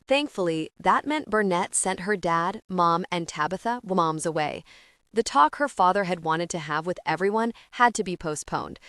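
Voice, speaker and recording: A woman narrating an audiobook in a gentle storytelling manner. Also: on the low side, no echo, clean studio sound.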